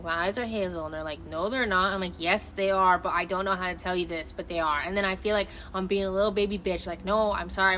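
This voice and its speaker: A woman's voice: medium pitch, fairly bright tone. A woman streaming outdoors at night, chatting casually with her viewers. She rambles, gets emotive and swears freely. There is a faint hiss of outdoor ambience behind her. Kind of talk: casual chat. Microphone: phone camera.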